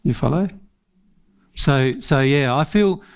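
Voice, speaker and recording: A man's voice: fairly high pitch, animated, slow. A man giving an informal spiritual teaching talk, earnest, repeating phrases and laughing often.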